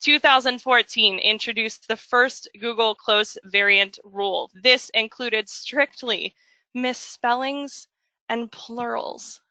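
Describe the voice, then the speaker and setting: A woman presenting a marketing webinar in a jokey, chatty way, slipping into quick voices for asides. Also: on the high side, bright, forceful tone, no echo. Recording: dull, dry lo-fi audio.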